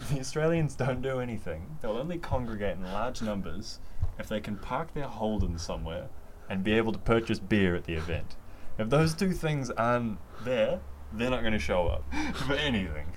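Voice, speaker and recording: Blunt, lively New Zealand man. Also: fairly low pitch, moderate pace, slight background noise. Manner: blunt and sweary, laughing. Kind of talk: casual chat.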